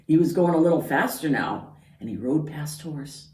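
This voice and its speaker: A woman's voice: sits low, animated, normal speed, darkish tone. A woman librarian reading a picture book aloud to children, pointing out the pictures as she goes. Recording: roomy, from far off.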